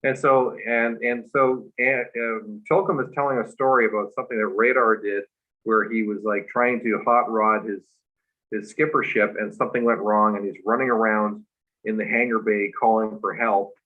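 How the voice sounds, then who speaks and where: A man, a guest on a livestream talk show, telling a personal story in a halting, earnest way with many restarts, over a video call. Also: fairly low pitch, fairly even intonation. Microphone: remote video call. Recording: muffled livestream audio.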